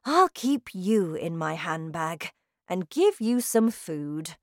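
A woman voicing a kind, protective elderly grandmother, speaking slowly and gently. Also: on the low side, very animated, no room sound, clean studio sound, heavily acted. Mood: gentle.

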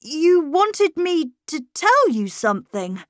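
A woman voicing a clever young boy who speaks in a smooth, polite way with a cold edge underneath. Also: high-pitched, sing-song, slow pace, no room sound, clean studio sound, voice pushed up, full character voice. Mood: guarded.

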